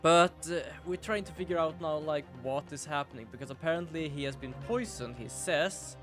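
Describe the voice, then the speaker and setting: Young male streamer, casual and self-deprecating, slightly high voice. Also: moderate pace, a bit bright, faint music behind. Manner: chatty, rambling, self-deprecating. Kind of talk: casual gameplay commentary.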